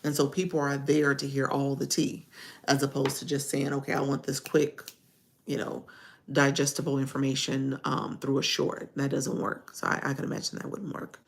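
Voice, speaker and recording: Low gravelly-voiced woman with Chicago accent. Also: monotone, normal speed. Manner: chatty, rambling, laughs often. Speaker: live-streaming coach. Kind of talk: casual livestream talk.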